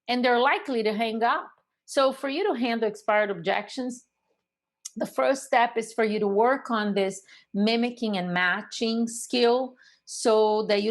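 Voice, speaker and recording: A middle-aged woman coaching real estate agents, explaining phone technique and acting out calls along the way. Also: medium pitch. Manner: animated, acts out phone calls. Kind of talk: coaching lesson to camera.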